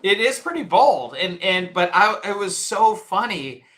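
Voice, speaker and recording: A man, a filmmaker being interviewed, telling animated stories in casual chat and laughing often. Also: high-pitched, unhurried. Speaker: filmmaker, guest.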